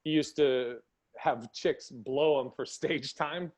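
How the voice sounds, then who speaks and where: A man's voice: medium pitch, takes it slowly. A man hosting a podcast, chatting casually and acting out quoted conversations as he tells stories. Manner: animated storytelling, acts out quotes. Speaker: podcast host.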